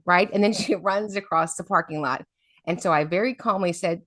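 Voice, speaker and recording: A woman's voice: mid-range voice, brisk, no room sound, clean studio sound. A middle-aged woman, an advocate telling stories in an interview and often checking in with "right?". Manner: lively storyteller, often adds "right?". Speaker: special education advocate, guest. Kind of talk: storytelling interview talk.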